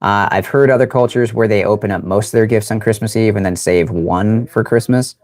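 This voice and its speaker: A man's voice: lowish voice, a little fast, a little mellow. A young man from the United States hosting a livestream, telling stories casually, rambling with many fillers and laughing often. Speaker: livestream host.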